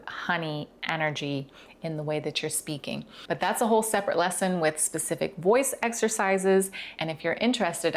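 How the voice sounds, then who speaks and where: A young woman talks viewers through a video lesson with a lowish, even voice. She takes her time and shapes each word with deliberate care. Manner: slow, deliberate, enunciating. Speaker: dating and confidence coach.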